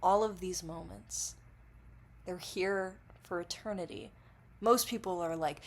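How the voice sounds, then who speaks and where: A woman's voice: on the low side, unhurried. A woman vlogging under the influence, rambling, giggling and swearing freely in a loose monologue to the camera.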